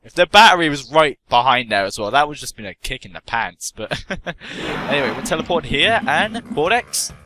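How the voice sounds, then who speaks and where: A man's voice: fairly high pitch, big pitch swings, normal speed, few pauses, pushed and bright, slight background noise. A young man giving casual, jokey let's-play commentary, rambling in self-mocking asides as he plays. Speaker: gameplay commentator. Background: game music.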